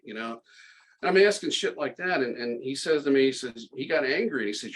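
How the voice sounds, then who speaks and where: A man's voice: mid-range voice, expressive, fairly quick, a little hiss or hum, low-quality recording. Middle-aged male guest, casual sardonic storyteller, ordinary mid-range voice, stop-start delivery. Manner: sarcastic, tongue-in-cheek, many restarts. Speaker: podcast guest.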